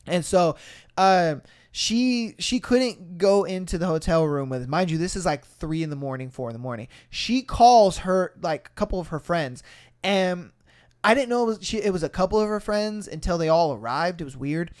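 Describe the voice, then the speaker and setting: A young podcast host, high-pitched and speaking at normal speed, tells a story in loose, casual conversation. He's animated and swears freely, and he acts out the voices of the people he quotes.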